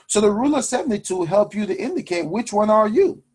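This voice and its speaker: A man hosting a personal finance show, talking to his audience in an energetic, preachy way and calling them guys. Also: high-pitched, fast, husky. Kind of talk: energetic motivational money talk.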